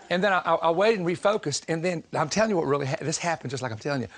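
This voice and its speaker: Animated man preaching a humorous sermon. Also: a little high, fast, noisy background. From Southern United States. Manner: animated, humorous storytelling with frequent laughter.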